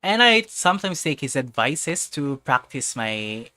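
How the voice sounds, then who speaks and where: Bright-voiced man rambling on a stream. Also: medium pitch, sing-song, unhurried, dry recording. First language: not English. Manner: rambling, restarts and repeats himself. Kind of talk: casual live-stream chat.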